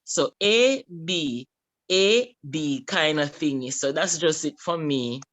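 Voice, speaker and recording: A man's voice: fairly high pitch, slow, fairly bright tone. A man with a Caribbean accent, hesitantly discussing a poem in a class conversation and searching for his words. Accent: Caribbean English. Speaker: teacher in a poetry discussion.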